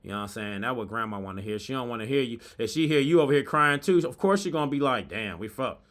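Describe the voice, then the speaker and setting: Fired-up man ranting with slang. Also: fast. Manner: loud, preachy, street slang, swings from shouting to low asides. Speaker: podcast host reacting to videos. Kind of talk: fired-up reaction commentary.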